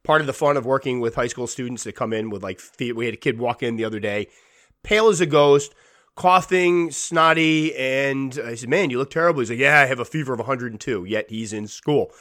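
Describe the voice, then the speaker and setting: A man's voice: medium pitch, brisk, a bit bright. A middle-aged man with a cold, congested and a little weak-voiced, hosting a casual podcast in a chatty, rambling way. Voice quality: slightly weak, stuffy voice. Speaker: podcast host and tarantula keeper.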